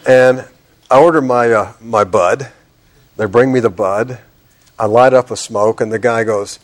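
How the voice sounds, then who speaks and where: A man's voice: mid-range voice, fairly even intonation, a little slow. Guy, middle-aged, telling a long story on a talk show, drawls along, gets worked up. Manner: drawling storyteller, acting out exasperation.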